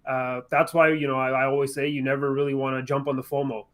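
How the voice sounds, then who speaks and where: A man's voice: medium pitch, flat delivery, fast talker. A man in casual market chat who keeps tagging "right?" and "you know" onto his sentences.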